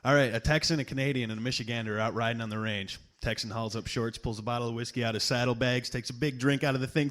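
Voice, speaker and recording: A man's voice: medium pitch, steady tone, fast, few pauses, fairly bright tone. Man telling a folksy stage joke. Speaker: open-mic performer. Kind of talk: reading aloud and telling a joke.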